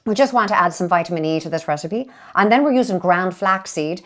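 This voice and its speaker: A woman's voice: lowish voice, brisk, a bit bright. A woman hosting a cooking show in a put-on Irish accent, giving a playful, cheeky comic cooking demonstration in a kitchen and swearing for laughs.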